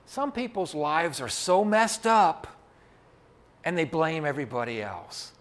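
A man with a somewhat raised pitch delivers a Sunday sermon into a microphone in a church sanctuary. His preaching is folksy and conversational. He often turns aside to talk straight to the congregation. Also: very animated, measured pace. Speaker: pastor.

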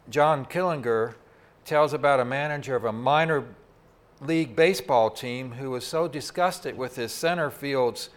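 A man preaching a sermon from a church pulpit into a microphone, in a folksy, conversational way with asides to the congregation. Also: medium pitch. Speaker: pastor. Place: church sanctuary.

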